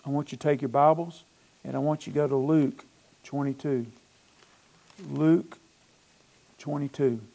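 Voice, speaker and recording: A male pastor from North Alabama with a Southern accent, preaching a sermon in a church, retelling scripture with animated, emphatic bursts. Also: on the high side, unhurried, creaky, pauses often.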